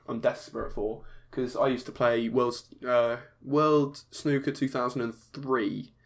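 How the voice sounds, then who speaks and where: A young man hosting a solo podcast, talking in a chatty, excitable way with frequent restarts. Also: medium pitch, measured pace. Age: young adult. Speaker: podcast host. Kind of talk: casual solo podcast commentary.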